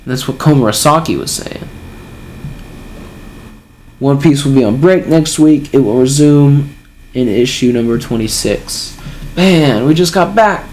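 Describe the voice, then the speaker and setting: A man's voice: medium pitch, animated, measured pace, pauses often, darkish tone, slight background noise. A man casually reading a comic chapter aloud and reacting, sighing and chuckling between remarks.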